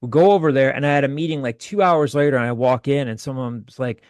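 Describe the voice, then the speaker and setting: A man's voice: mid-range voice, quick pace, a little mellow, clear, resonant tone, no echo. A man hosting a casual podcast chat, reading out listener posts and bantering with his co-hosts. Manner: reads listener posts aloud, chatty. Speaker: podcast host.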